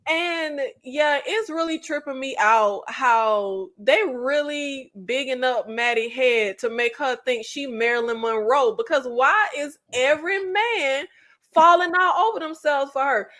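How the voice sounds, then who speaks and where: A woman's voice: a little high, a bit bright. A woman guest on a live video-call panel, emphatic and slangy, laughing as she talks. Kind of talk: live recap chat.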